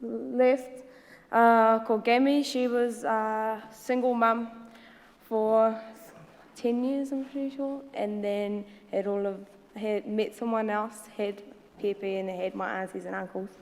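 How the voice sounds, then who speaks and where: Kiwi woman talking to a crowd, kinda high voice, hesitant with lots of ums, long hall echo. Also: fairly even intonation, slow, a little mellow. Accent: New Zealand. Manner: casual, hesitant with many ums, mixes in Māori words. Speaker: symposium speaker. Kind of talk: personal presentation to an audience.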